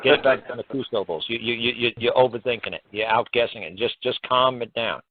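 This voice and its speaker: A man's voice: mid-range voice, fast, slightly rough, no echo. A man hosting a call-in radio show, explaining in a plainspoken, rambling way that stumbles and repeats words. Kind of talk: casual call-in radio talk. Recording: dry, tinny phone-like radio audio.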